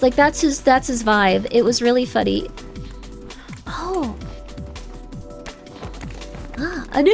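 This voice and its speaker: A woman's voice: high voice, normal speed, long pauses. A woman streamer chatting casually while playing a game, rambling with lots of filler words. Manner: rambling, heavy use of 'like'. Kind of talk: casual gaming livestream chat. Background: faint game music.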